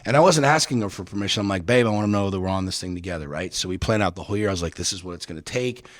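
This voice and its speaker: A man's voice: low voice, very fast, no echo, studio quality. A middle-aged man casually telling a story on a podcast, swearing freely and getting heated when he retells arguments. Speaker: podcast guest.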